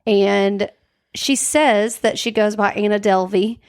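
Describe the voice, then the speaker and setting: A woman co-hosts a podcast and recounts a story in loose, casual chat. Her voice sits at an ordinary middle pitch. She fills her talk with "like" and briefly acts out the quoted lines. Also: fairly even intonation, slow, a little mellow. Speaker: podcast co-host. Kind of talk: casual true-crime chat.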